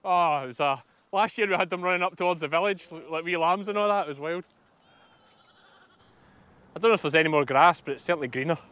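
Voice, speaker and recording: A man's voice: on the high side, fast talker, pauses often, fairly bright tone, smooth. A Scottish man, a sheep farmer, chatting casually and explaining as he works outdoors on his farm. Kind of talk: casual vlog narration while working.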